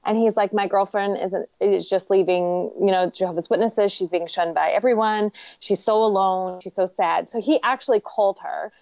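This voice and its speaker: A woman's voice: medium pitch, fairly even intonation, moderate pace, gravelly, hardly any pauses, darkish tone, no room sound. A woman on a livestream panel, telling a story in an earnest, rambling way. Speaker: panel guest. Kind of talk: casual livestream chat.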